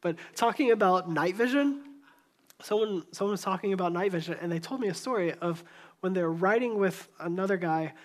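Speaking fairly quickly in a high voice, a male pastor preaches in church, narrating the story like a conversation, voicing the characters, and at times sinking into a hushed tone.

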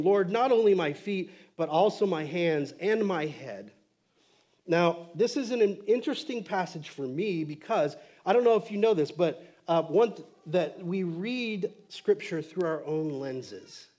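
A man delivers a sermon in a relaxed, talky style, full of ums and restarts. His voice sits slightly higher than most men's. He animates the quoted lines as he goes. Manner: conversational, acts out quotes, many fillers. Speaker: pastor.

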